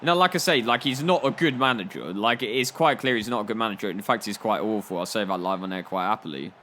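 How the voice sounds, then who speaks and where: Young man, bright tone, rambling comic gameplay commentary, casual "like" fillers. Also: lowish voice, fast, a little hiss or hum. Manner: rambling, jokey storytelling with frequent "like". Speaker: gaming YouTuber.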